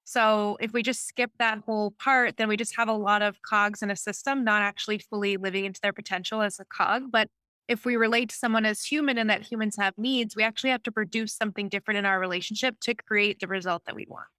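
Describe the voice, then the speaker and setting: Woman co-host, bright, smooth clear voice, fairly high, thoughtful. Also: steady tone, quick pace, no echo. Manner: thoughtful, builds on others' points. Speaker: podcast co-host. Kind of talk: panel discussion.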